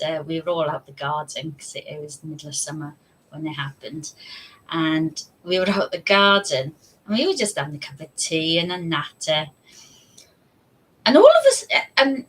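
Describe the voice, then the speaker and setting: A woman's voice: low-pitched, fairly bright tone, low-quality recording. A woman, telling her own story on a live stream in a chatty, candid way. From United Kingdom. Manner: chatty and candid, with frequent fillers and laughs.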